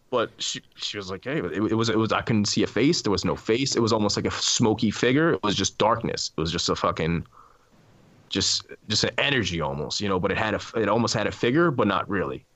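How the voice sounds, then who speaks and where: Podcast host, man, low dry voice, swears freely, retells spooky stories with restarts. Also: a little fast, no room sound. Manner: swearing, animated storytelling with many restarts. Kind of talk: casual podcast chat about ghost stories.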